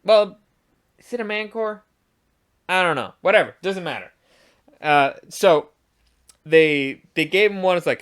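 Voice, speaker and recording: A man's voice: high voice, animated, unhurried, long pauses, a bit bright, clean tone. A man giving a casual, profane review of a show, rambling and restarting as he rants in exasperation. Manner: exasperated, ranting.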